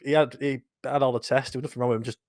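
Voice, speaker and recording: A young man co-hosting a podcast, telling sweary anecdotes in a casual, animated way. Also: medium pitch, rapid-fire, no echo, clean studio sound. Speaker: podcast co-host. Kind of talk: casual storytelling chat.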